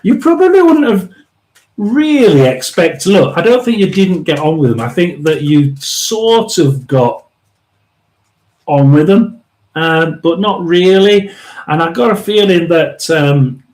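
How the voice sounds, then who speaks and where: A man hosting a live tarot reading, rambling and emphatic, often restarting and clearing his throat. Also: a little high, lively intonation, darkish tone, low-quality recording. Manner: chatty and emphatic, drawn-out stresses. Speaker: tarot reader and live stream host.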